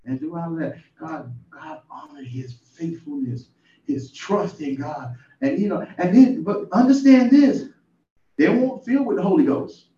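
A man preaches an informal sermon, telling the story in a folksy way and climbing to exclamations. His voice sits a little high and comes from away from the mic. The room is echoey, and the recording is dull and muffled. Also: a little slow, mellow, recorded from a distance.

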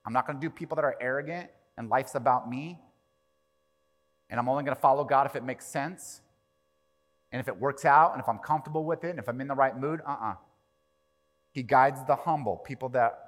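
A man preaching a sermon as pastor, animated, swinging from quiet to loud and acting out quoted prayers. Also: medium pitch, fairly quick. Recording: long reverb of a large hall.

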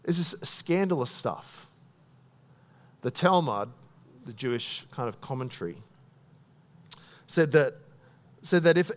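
With a mid-range voice, this man delivers a sermon, retelling a story through animated spoken thoughts. At the emotional points, he lowers his voice.

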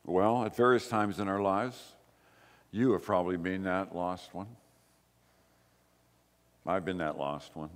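A man preaching a sermon as pastor, slow and emphatic, with repeated short phrases. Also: low-pitched, long reverb tail. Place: church.

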